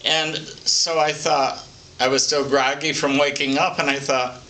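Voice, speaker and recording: An older man speaking as a psychic medium, telling stories from his life in a plainspoken, folksy, unhurried way for an oral history. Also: a little high, flat delivery, sharp tone. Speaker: psychic medium recounting readings. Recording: distant mic with faint background hiss.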